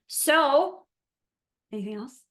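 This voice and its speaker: A woman's voice: high voice, expressive, slow, fairly bright tone. A woman briefing a virtual meeting for event volunteers and drivers, upbeat, chatty and practical. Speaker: event organizer.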